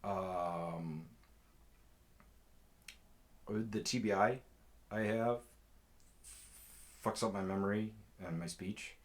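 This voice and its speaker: Low-voiced rambling man telling stories. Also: extremely slow, pauses often. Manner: rambling, profane, laid-back. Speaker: storyteller. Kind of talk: casual storytime.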